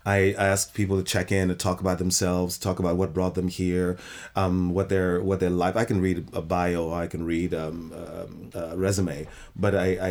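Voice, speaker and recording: Man, middle-aged, very low voice, theater director, reflective interview talk. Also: a little mellow. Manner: thoughtful, reflective, restarts often. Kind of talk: interview conversation.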